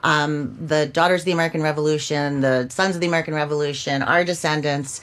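A woman with a notably deep voice talks in an interview for her museum. She explains things eagerly and at length. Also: fairly even intonation, fast talker, fairly bright tone, clean tone. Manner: enthusiastic and explanatory. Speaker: museum representative. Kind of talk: casual interview chat.

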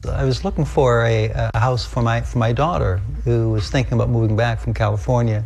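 An older man originally from the Netherlands speaking in an archived interview, halting and restarting his phrases. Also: medium pitch, fairly even intonation, creaky, a little mellow. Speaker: accessibility advocate in archived clip.

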